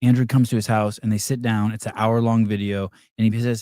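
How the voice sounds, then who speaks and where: A lowish, dark voice with a level tone drives this host's fairly quick storytelling, with hardly any pauses. He rambles casually, restarts often, fills gaps and acts out quotes, in a dry, studio-quality recording.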